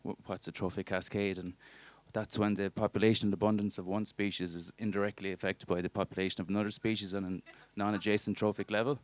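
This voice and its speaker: Male stand-up, 30s, lowish voice, dry pedantic know-it-all delivery. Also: level tone, fast, few pauses, no echo. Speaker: stand-up comedian and marine biologist. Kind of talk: stand-up comedy set. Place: comedy club stage before a live audience.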